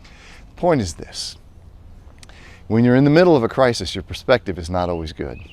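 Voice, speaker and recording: A man's voice: lowish voice, moderate pace. Storytelling male pastor. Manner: animated storytelling, later calm and earnest. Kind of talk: storytelling devotional talk.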